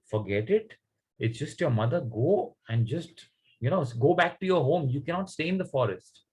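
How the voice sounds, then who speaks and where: A man's voice: on the high side, expressive, normal speed, darkish tone, breathy edge. A man voicing a wise, compassionate male sage who speaks firmly while testing a child.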